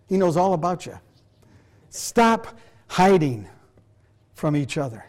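Older man, pastor, sermon, emphatic rhetorical questions, fairly high voice. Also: sing-song, a little slow, pauses often, a little mellow.

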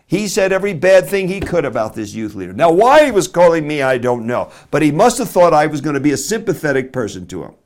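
A middle-aged man preaching a sermon, swinging from loud emphasis to very soft, slow words. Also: on the high side, sing-song. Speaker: pastor.

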